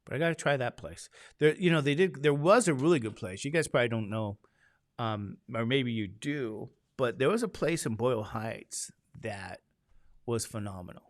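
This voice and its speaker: A man's voice: mid-range voice, lively intonation, moderate pace, no echo, clean studio sound. A man, a statistics instructor chatting casually and jokingly with his class before a lesson. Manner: chatty, joking storyteller, acts out quoted voices.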